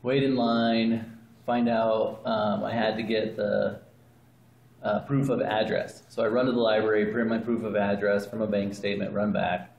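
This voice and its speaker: A man's voice: on the low side, level tone, normal speed, darkish tone, lo-fi sound. A man casually telling a long anecdote, rambling and often laughing as he goes, filmed on a phone. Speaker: storyteller. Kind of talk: casual anecdote told to family. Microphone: phone camera. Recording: echoey room with background noise, phone video.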